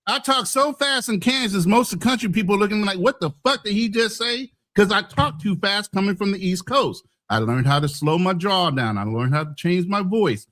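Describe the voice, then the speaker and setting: A man's voice: high voice, lively intonation, moderate pace, hardly any pauses, fairly bright tone. A man from the United States, hosting a podcast, arguing bluntly with frequent profanity in a heated debate. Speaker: podcast host.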